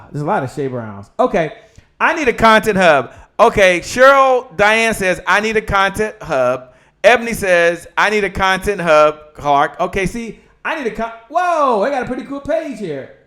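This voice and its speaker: A man hosting a live-streamed talk show, excitable and animated, talking straight to his viewers and his guest. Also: sits high, normal speed. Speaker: show host.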